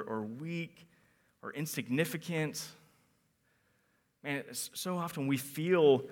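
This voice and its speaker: A man preaching a sermon to young people, animated, acting out quotes and moving between loud emphasis and quiet reflection. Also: fairly high pitch. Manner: animated, acts out quotes in different voices.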